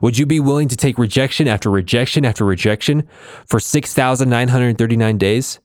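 A man's voice: mid-range voice, brisk, a little mellow, no echo, clean studio sound. A man hosting a music production channel, reading motivational text aloud and talking with emphatic energy. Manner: fired up, emphatic. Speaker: host.

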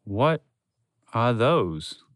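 A man voicing a great male blue dragon who speaks softly and with grace in a storybook. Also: mid-range voice, big pitch swings, very slow, dry recording, clean studio sound. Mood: solemn. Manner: soft, grave, gracious.

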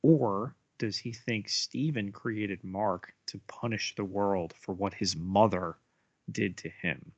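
A man co-hosting a podcast, retelling a TV episode scene by scene in a measured way. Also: fairly low pitch, no echo, lo-fi sound. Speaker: podcast co-host. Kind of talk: episode recap narration.

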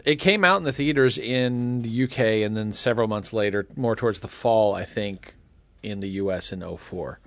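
A man's voice: fairly low pitch, normal speed, dry recording. A man in his forties co-hosting a casual movie chat podcast, wry and conversational. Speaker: podcast co-host.

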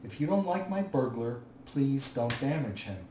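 Man playing a commanding old wizard, slow, distant and roomy. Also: mid-range voice, sing-song, warm tone, close to an everyday voice. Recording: roomy, distant mic, faint hiss.

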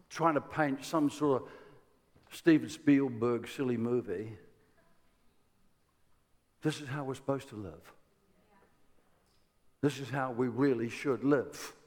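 A man with an Irish accent preaching a sermon, telling stories with lively energy, stumbling restarts and laughing asides. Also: a little high. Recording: long hall reverb.

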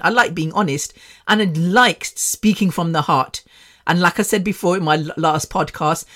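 A woman hosting her own podcast, chatting casually and rambling from topic to topic with frequent laughs. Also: fairly low pitch. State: using an oxygen machine. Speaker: podcast host. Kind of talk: casual solo podcast chat.

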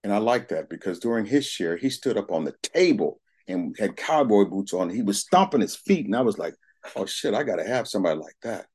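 A man's voice: fairly low pitch, very animated, fairly quick, darkish tone, breathy edge. A middle-aged man giving a candid, plain-spoken personal testimony at a recovery meeting, with casual swearing. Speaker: speaker sharing his recovery story.

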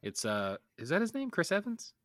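A man's voice: a little high, wildly swooping pitch, normal speed, fairly bright tone, dry recording, studio quality. A man co-hosting a casual comedy podcast, joking around and laughing often. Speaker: podcast co-host.

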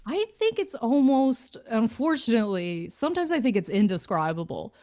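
A woman's voice: fairly high pitch, very animated, normal speed, a little mellow, dry recording. A woman comedian from small-town Ontario, Canada, talking casually in an interview. Her speech is loose and rambling and peppered with "like" and "you know". The recording is dry and close. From Lindsay, Ontario, Canada. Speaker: comedian guest.

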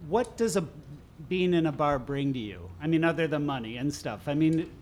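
A man's voice: a little high, lively intonation, moderate pace, a little mellow. Hesitant man asking a question, noisy recording. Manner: hesitant, restarts often. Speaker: audience questioner.

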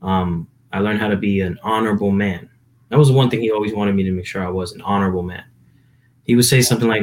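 A man's voice: fairly low pitch, fast talker, darkish tone, slight background noise. A young man from New Jersey, a musician guest chatting casually on a podcast, telling stories in a rambling way full of fillers. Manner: rambling, filler-heavy storytelling.

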